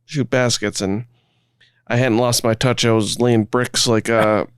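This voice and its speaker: A man, a guest, telling stories in relaxed conversation, often restarting his phrases. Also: mid-range voice, unhurried, clear, resonant tone, no room sound. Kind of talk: conversational storytelling.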